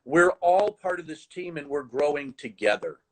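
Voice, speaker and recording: A man who teaches the horn, telling stories in animated conversation with frequent restarts over a video call. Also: a little high, moderate pace, noisy background. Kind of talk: conversational storytelling.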